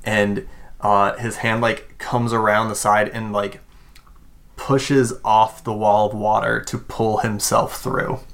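Game master, man, slow deliberate horror narration. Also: on the low side, little pitch movement, creaky, fairly bright tone. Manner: slow and deliberate, with many fillers.

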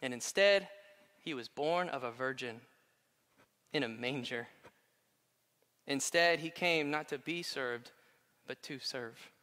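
A male pastor preaching a sermon, animated, swinging between quiet asides and loud declarations. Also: medium pitch, slow, long pauses. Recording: long hall reverb.

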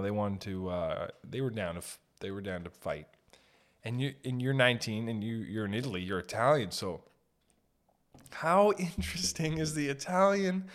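Male podcast host, mid-pitched, rambling and self-deprecating. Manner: rambling, self-mocking, drops into silly put-on voices. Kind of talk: casual solo podcast rambling. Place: home podcast setup.

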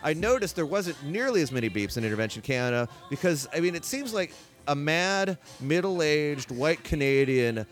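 Soft background music sits behind a man with a fairly high, expressive voice speaking at normal speed. As a podcast host, he chats casually in an indoor bar, rambling and using lots of fillers.

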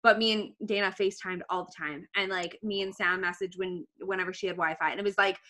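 A young woman on a podcast, telling an emotional story quickly and swearing freely. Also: on the low side, steady tone, bright, forceful tone. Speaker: podcast guest, author. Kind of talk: casual podcast chat.

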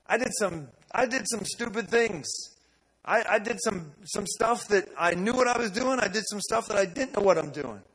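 Husky high-voiced male preacher. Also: normal speed, low-quality recording. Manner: energetic preaching, repeats words, rises to loud declarations. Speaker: pastor. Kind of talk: sermon with storytelling. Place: church service.

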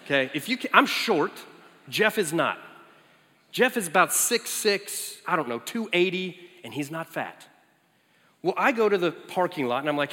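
A man preaching as a campus minister, telling a story in an animated way and leaping high in pitch for quoted lines. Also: moderate pace. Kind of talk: storytelling sermon. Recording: echoey hall.

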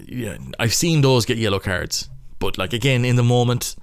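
A man's voice: medium pitch, moderate pace, clear, resonant tone, no echo, clean studio sound. A young Irish man, a rugby player, casually breaking down match footage, thinking aloud in stop-start phrases.

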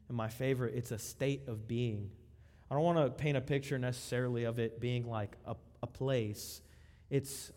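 Impassioned preacher man in a reverberant hall. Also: medium pitch. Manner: impassioned, swings between hushed and soaring. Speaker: youth pastor. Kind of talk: sermon.

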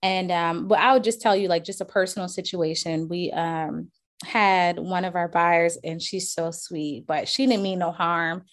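A woman's voice: on the low side, steady tone, moderate pace. A woman, a realtor guest in a casual podcast interview, telling stories animatedly, acting out quotes and laughing often.

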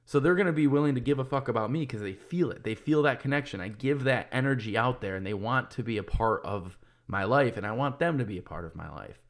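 A podcast host and business owner in his thirties gives a casual monologue at a quick pace with few pauses. His medium-pitched voice is expressive, and he's candid, swears freely, and restarts sentences as ideas come to him.

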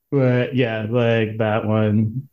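A man chatting casually as a podcast guest, talking in a relaxed, halting way with soft laughs. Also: fairly low pitch, highs cut off. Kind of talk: casual chat.

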